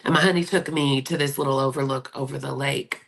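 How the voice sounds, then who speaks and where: Low, gravelly-voiced woman livestreamer. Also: steady tone, brisk. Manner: emotional and confiding, addresses viewers directly. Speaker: livestream host. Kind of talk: candid livestream chat. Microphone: streaming setup.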